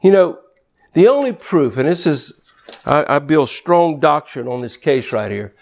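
A man preaching a sermon in an animated, conversational way, reading scripture quickly and jumping sharply in pitch for emphasis. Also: vocal fry. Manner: reads scripture aloud quickly.

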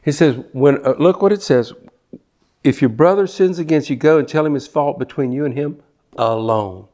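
A man's voice: a little high, normal speed, warm tone. An older man preaching a sermon, fervent, often repeating words as he builds to a point. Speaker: pastor.

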